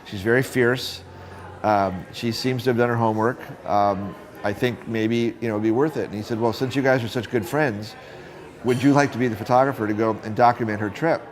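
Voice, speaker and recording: A man's voice: medium pitch, a little fast. A middle-aged man, a photographer, telling stories from his career in an interview and acting out the voices of the people he met. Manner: animated storyteller acting out quoted voices. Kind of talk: storytelling interview.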